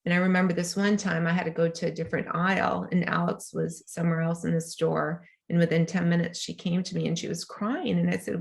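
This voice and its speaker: A woman's voice: fairly even intonation, vocal fry. Earnest mother telling her daughter's story. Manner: earnest, rises high and slows when moved. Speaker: guest author and mother. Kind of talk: emotional interview storytelling.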